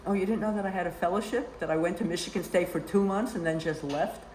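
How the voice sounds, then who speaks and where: A woman's voice: fairly low pitch, quick pace, a little mellow. An older woman telling long, rambling personal stories in casual conversation, with many "you know" asides. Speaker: storyteller guest. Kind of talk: casual storytelling. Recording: roomy echo.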